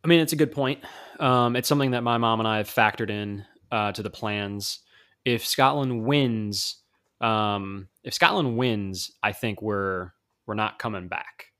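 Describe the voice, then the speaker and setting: A man co-hosting a casual podcast on a video call, talking in a halting, playful way with lots of fillers. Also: on the low side, sharp tone. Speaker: podcast co-host.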